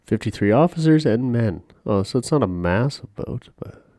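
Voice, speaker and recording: A man's voice: medium pitch, animated, normal speed, mellow, dry recording, studio quality. A man co-hosting a podcast in casual chat, laid-back and profane, laughing often. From Canada. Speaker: podcast co-host.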